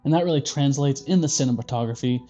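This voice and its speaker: A man's voice: mid-range voice, fast, mellow, soft background music. Profane joking man reviewing movies.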